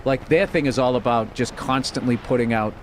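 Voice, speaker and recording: A man's voice: medium pitch, fairly quick. A man talking as a comedian guest in a casual interview, loose and rambling, with lots of fillers. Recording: noisy background.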